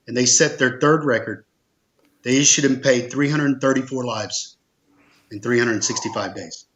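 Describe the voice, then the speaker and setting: A man's voice: mid-range voice, moderate pace, fairly bright tone. A man, an insurance agency owner, telling stories in a conversational interview, earnest and emphatic, repeating phrases for stress. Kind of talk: conversational storytelling.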